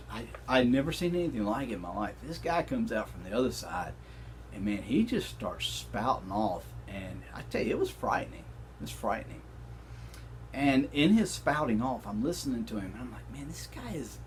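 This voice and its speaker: A man playing a humble young shepherd who tells his story to his children in an earnest, plain, soft-spoken way. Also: medium pitch, slight background noise, lightly acted.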